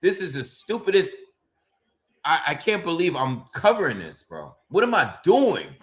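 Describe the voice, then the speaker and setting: A man's voice: on the high side, very animated, moderate pace. A man doing live reaction commentary on a boxing fight, exasperated and ranting, with frequent exclamations.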